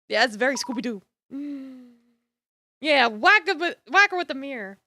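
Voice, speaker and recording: A woman's voice: high voice, lively intonation, normal speed, over loud music. A woman streamer reading a game aloud and talking to her chat, teasing and sarcastic. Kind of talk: game playthrough reading and commentary.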